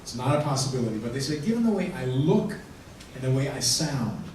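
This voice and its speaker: A man in his sixties, a rabbi doing stand-up comedy, telling jokes dryly with pauses before punchlines. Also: mid-range voice, very animated, a little mellow. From United States. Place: large hall with audience. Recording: echoey hall from far off, room noise.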